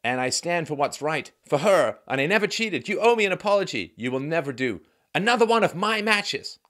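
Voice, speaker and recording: A man mimicking a furious woman athlete who is demanding an apology, in a shrill, indignant and insistent voice. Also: very animated, brisk, fairly bright tone.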